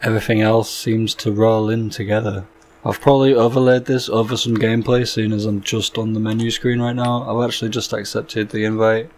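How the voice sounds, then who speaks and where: A man giving casual gameplay commentary as a gaming YouTuber, excitable and sweary, with sudden loud outbursts. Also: fairly low pitch, brisk.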